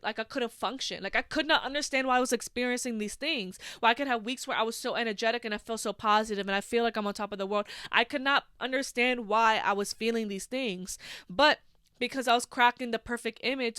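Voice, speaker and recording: Casual twenties woman hosting her own podcast; slightly high, crisp voice, swears freely, leans on "like". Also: fairly bright tone, dry recording, studio quality. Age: 20s. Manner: frank and heavily profane, full of "like" fillers. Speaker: podcast host. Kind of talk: candid solo podcast monologue.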